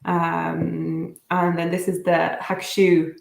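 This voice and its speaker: A woman's voice: on the low side, completely flat delivery, gravelly. Bubbly woman in an echoey room. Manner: bubbly, rambling, quick asides. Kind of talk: casual chat, livestream tasting.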